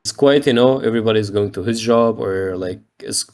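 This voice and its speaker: A man talking as a guest on a casual interview podcast, halting and searching for words with lots of fillers. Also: on the low side, darkish tone. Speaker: podcast guest, digital painter.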